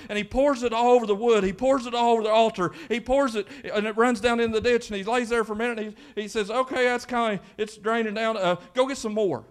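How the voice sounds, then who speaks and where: A male pastor preaches by retelling a story with lively energy, often restarting his phrases. His voice sits high for a man. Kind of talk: sermon storytelling.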